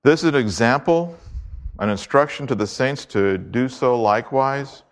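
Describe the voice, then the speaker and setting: A man preaching an expository sermon, reading scripture aloud and slowing down to stress key words. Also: medium pitch. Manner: emphatic, deliberate, slows to stress key words.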